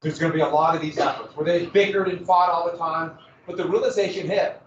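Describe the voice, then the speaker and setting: A man's voice: fairly high pitch, fairly even intonation, fast talker, recorded from a distance, slight background noise. A man teaching a history class in a casual lecture, with joking asides and dramatic emphasis. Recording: echoey, muffled classroom recording from afar.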